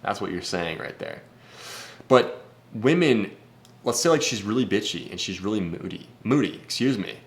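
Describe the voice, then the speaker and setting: A man's voice: fairly low pitch, lively intonation, moderate pace. A man speaking as a dating coach in a casual vlog, brash, blunt and profane. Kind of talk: casual vlog advice talk.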